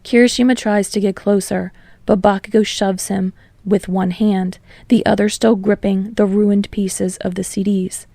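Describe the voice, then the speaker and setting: A woman reads fan fiction aloud in a steady narration that slows on emotional passages. Her voice is mellow with a slight gravelly edge. The recording is dry and close. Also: medium pitch, no room sound. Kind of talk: audiobook narration.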